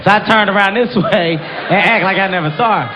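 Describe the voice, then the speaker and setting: A man doing stand-up comedy, telling a story with an animated, punchy delivery and shouted punchlines. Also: sits high, brisk, crowd noise. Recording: dull, noisy live stage recording.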